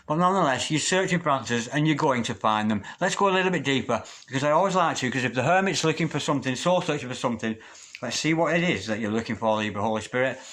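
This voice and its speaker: A man giving a tarot reading, gentle and gushing, who drops into a low, repeated chant when he calls on the spirits. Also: lively intonation, quick pace. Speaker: tarot reader. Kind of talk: tarot reading with spoken invocations.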